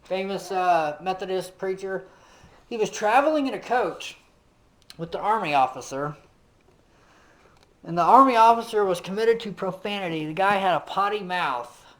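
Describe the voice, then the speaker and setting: Male Bible teacher, fairly high voice, relaxed conversational delivery, quizzes his listeners directly. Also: moderate pace, low-quality recording. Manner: conversational, peppered with "you know"; asks the listeners direct questions. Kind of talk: casual Bible lesson.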